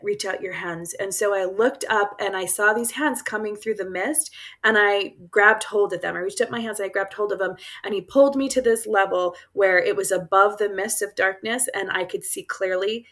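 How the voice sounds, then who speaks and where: Telling personal stories as a guest author on an interview show, a woman comes across as earnest and casual, laughing and using fillers often. She speaks at a moderate pace in a medium-pitched, fairly bright voice.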